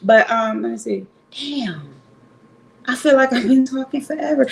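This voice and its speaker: A woman's voice: on the high side, a little slow, gravelly, rough recording. A woman livestreaming from home, chatting casually and frankly with her viewers, rambling and swearing now and then. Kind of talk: casual chat with live viewers. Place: home in Cleveland. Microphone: streaming setup at home.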